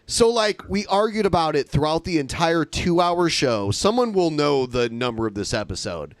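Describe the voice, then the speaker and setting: A man co-hosting a livestream podcast, telling crude stories in an animated, joking way. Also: on the high side, normal speed, no room sound. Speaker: podcast co-host. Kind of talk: casual livestream banter.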